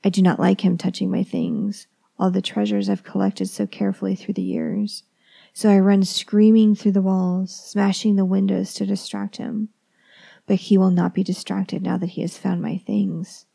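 Woman narrator for a horror reading: measured, whispery, gravelly and dark in tone. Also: mid-range voice. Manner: calm, measured, dropping into whispers. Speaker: storyteller. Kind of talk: first-person horror story reading.

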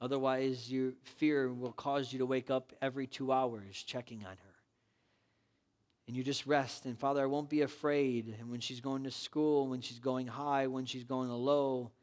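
A man's voice: medium pitch, level tone, unhurried, a little mellow. A man preaching a sermon, retelling a story and urging his listeners on in an earnest, exhortative way. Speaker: pastor.

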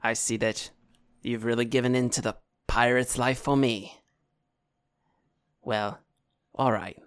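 A man's voice: mid-range voice, steady tone, slow, a bit bright, smooth. A man voicing a cornered female captain and information broker, dry and grudging.

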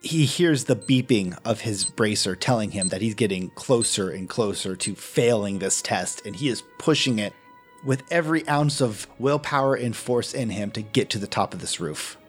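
A man playing a tabletop game, narrating his character's actions in an unhurried storytelling way. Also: on the low side, lively intonation, faint music behind. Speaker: player.

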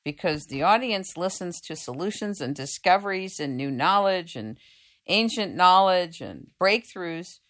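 An American woman hosts the interview with a lowish voice that swings widely in pitch. She coaxes her guest with animated questions. Her tone is expressive throughout. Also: measured pace. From United States. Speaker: podcast host.

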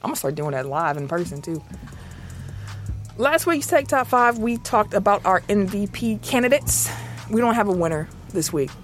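Lively sassy woman hosting a chat show. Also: medium pitch, moderate pace, soft background music. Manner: animated, sassy, emphatic repetition. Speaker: podcast host. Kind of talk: casual comedic chat.

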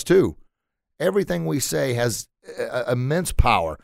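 A man's voice: mid-range voice, normal speed, gravelly, no echo, clean studio sound. A man and former teacher giving a casual motivational talk, earnestly repeating words as he searches for them and animatedly acting out how children react.

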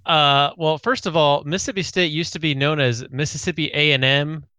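Casting: wisecracking man, slightly higher voice with a bright edge, close and dry. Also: steady tone, a little fast, clear, resonant tone, no echo. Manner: wisecracking, swears casually. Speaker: podcast co-host. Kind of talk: casual sports chat.

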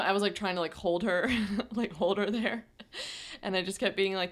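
A young woman telling a story in a relaxed chat, full of fillers and frequent laughs. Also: medium pitch, a little fast. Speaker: podcast co-host.

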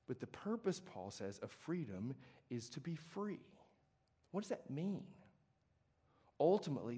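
High-voiced, passionate young preacher man. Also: slightly rough. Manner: conversational and passionate, swings from quiet to emphatic. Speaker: pastor. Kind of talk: sermon.

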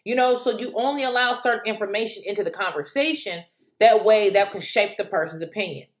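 A woman giving animated political commentary, incredulous and exclaiming at times. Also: medium pitch, a little fast, echoey room. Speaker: commentary vlogger.

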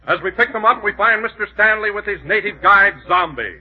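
A man's voice: high-pitched, brisk, dull audio. A man narrating as announcer in a 1930s radio comedy, grand and mock-serious. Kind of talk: scripted narration.

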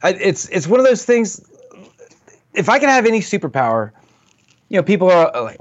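A tired man co-hosting a chatty podcast, his voice husky and fairly high, rising and falling a lot as he grumbles wryly. Faint music plays behind him. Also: sing-song, normal speed, highs cut off. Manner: tired, wry. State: tired from lack of sleep. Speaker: podcast co-host. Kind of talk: casual podcast chat.

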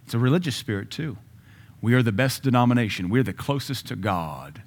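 A man's voice: medium pitch, lively intonation, fairly quick. A male pastor giving a sermon in a conversational way, with sudden emphatic rises and asides.

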